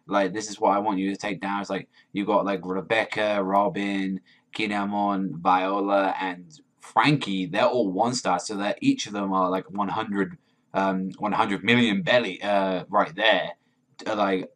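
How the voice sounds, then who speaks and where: A man talks through a comic chapter in a loose, rambling way. He fills every gap with "like" and swears when he gets worked up. His voice sits a little low. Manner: rambling, heavy use of "like"; profane, excitable. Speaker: manga reviewer. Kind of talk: casual chapter review.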